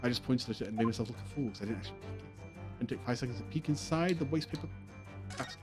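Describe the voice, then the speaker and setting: A man's voice: medium pitch, very fast. A man streaming a game, thinking aloud and poking fun at himself in a casual, chatty way. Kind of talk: game playthrough with commentary. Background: game music.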